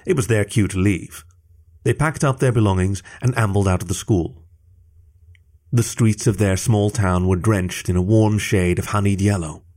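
A man narrating a story in a calm, even reading voice. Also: on the low side.

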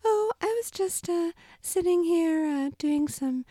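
A sweet, chatty little mouse lady, voiced by a woman in a comic audio skit. Her voice sits far above a normal speaking pitch, and she stumbles gently through ums and restarts as she talks. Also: unhurried, no echo. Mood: earnest. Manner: hesitant, full of ums and restarts.

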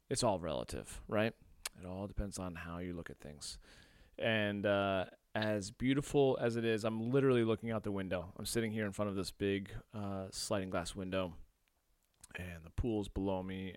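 A man's voice: fairly low pitch, dry recording, clean studio sound. A man hosting his own coaching podcast. He talks casually from a room by a window, rambling with fillers after a punchy intro. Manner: energetic scripted intro, then relaxed rambling with fillers. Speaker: podcast host and men's coach. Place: indoors by a window overlooking a beach.

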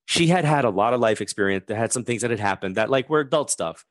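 A man's voice: mid-range voice, lively intonation, quick pace, dry recording, studio quality. A man in his fifties, a guest telling a story in conversation and acting out the voices of the people in it.

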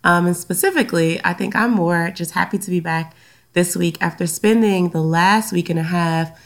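Southern lady hosting a podcast, kinda low voice, bit stuffy nose, lots of ums. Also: moderate pace. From Louisiana, US. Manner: chatty, many "um" fillers. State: slightly stuffy from a sinus infection. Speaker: podcast host and counselor. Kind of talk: casual solo podcast talk.

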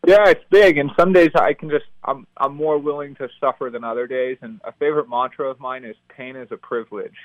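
A man's voice: medium pitch, steady tone, fairly quick, hardly any pauses, no room sound. A young American man, a professional triathlete, talking in an upbeat way in a phone-in interview and laughing easily. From United States. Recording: tinny phone line.

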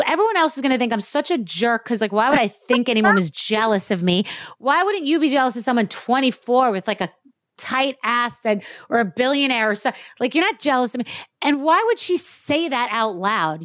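A woman hosting a podcast, chatting casually about reality TV in a blunt, animated way and swearing freely. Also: fairly high pitch, brisk, no echo, clean studio sound. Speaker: podcast host. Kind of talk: casual chat.

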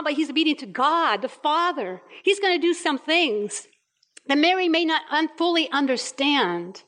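High-voiced woman preaching a sermon. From Puerto Rico. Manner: animated storytelling with acted-out quotes.

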